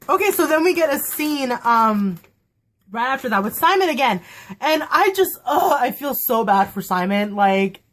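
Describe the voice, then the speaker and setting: A young adult woman vlogging a casual, excited fan review of a TV episode, gushing and giggling as she rambles with lots of fillers. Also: high-pitched, unhurried.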